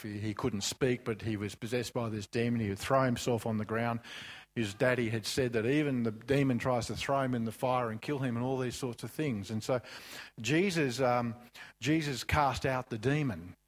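A man preaching a sermon, telling a story loosely with asides and then rising to fervent emphasis. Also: mid-range voice. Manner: loose and chatty, with asides and restarts.

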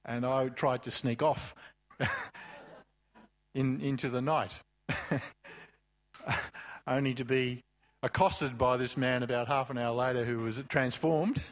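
A man preaching a sermon, telling a story loosely with asides and then rising to fervent emphasis. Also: mid-range voice. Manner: loose and chatty, with asides and restarts.

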